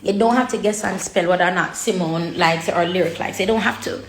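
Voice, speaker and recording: A woman vlogger with a fairly low voice talks fast and openly to her audience, cursing often, getting emotional, and repeating herself as she searches for the right words. Her personal talk to camera is recorded in a reverberant room with slight background noise.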